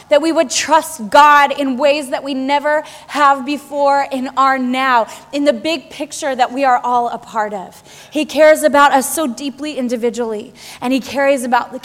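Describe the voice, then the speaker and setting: Woman preacher with a high voice, delivering an animated, laughing sermon in a big echoing hall. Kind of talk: sermon to a live congregation. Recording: long hall reverb.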